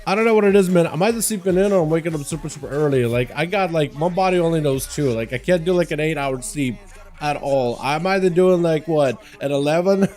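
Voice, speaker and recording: A man's voice: on the high side, fast talker, a little mellow, soft background music. A young man hosting a casual gaming livestream, rambling in slangy talk and greeting chat by name while sounding tired. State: tired, no coffee. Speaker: livestream host. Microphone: desk mic in front of green screen.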